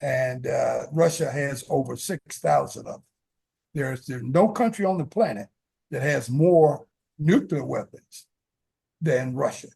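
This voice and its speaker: A man co-hosting a talk show, explaining world affairs in a measured, explanatory way, with frequent "uh" fillers. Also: mid-range voice, creaky, a little mellow, slightly rough. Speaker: co-host commentator. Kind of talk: casual political discussion.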